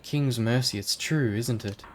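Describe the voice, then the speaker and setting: A man's voice: mid-range voice, a little slow, slight background noise, close to an everyday voice. A man voicing a prim late-middle-aged woman librarian who speaks sweetly but sharply and calls people dearie, while reading game dialogue aloud. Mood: upset.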